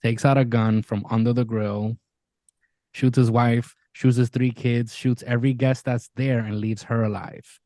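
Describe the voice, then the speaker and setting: A man's voice: mid-range voice, unhurried, no echo. A man co-hosting a podcast in casual chat, animatedly retelling a TV show and swearing freely. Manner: animated storyteller, swears freely, retells scenes with quoted voices. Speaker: podcast co-host.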